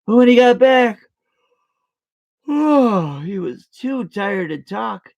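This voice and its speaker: A woman reading a picture book aloud to children, animated and dramatic, with playful hushed asides to her listeners. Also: fairly high pitch, takes it slowly, vocal fry, highs cut off.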